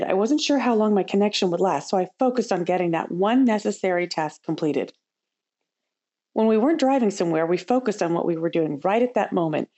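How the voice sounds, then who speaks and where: A woman's voice: medium pitch, darkish tone. Upbeat woman hosting a travel podcast. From United States. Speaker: podcast host. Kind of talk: scripted travel podcast narration.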